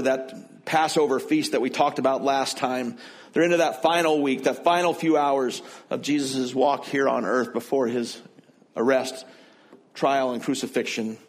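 A male pastor preaching a sermon in a conversational way, retelling and explaining the passage with frequent restarts and self-corrections. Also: mid-range voice.

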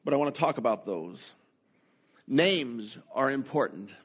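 Middle-aged male pastor, sermon delivery, deliberate pace, anecdotal, plain mid-range voice. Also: medium pitch, expressive, breathy edge. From North America. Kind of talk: sermon storytelling.

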